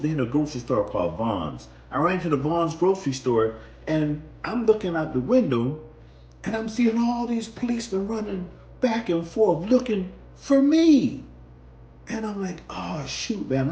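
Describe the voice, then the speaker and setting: A man casually telling a personal story, acting out scenes with lively sound effects. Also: sits high, roomy sound, highs cut off. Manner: animated, acts out scenes.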